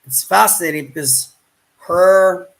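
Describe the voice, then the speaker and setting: A man's voice: high voice, measured pace, creaky. A man recording his own vlog who repeats himself, pleads again and again, and talks in grand terms. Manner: repeats words, pleads over and over, grand wording. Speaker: YouTube vlogger. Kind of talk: self-narrated vlog, arguing off camera. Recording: roomy sound, mic far from the speaker.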